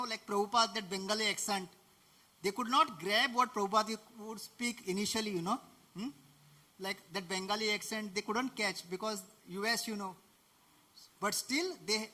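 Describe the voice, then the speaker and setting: A man's voice: high-pitched, sharp tone. A man with an Indian English accent giving a devotional lecture, conversational, often laughing and asking rhetorical questions. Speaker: preacher.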